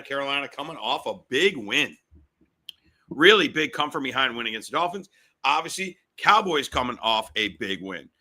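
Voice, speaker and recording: A middle-aged man hosting a sports betting podcast, talking fast and fired up, repeating himself. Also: medium pitch, pushed and bright.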